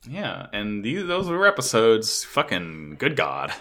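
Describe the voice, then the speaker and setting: A man co-hosting a podcast, recapping an anime episode in excitable, swear-heavy casual chat and acting out characters' lines. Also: on the low side, a little slow. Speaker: podcast co-host.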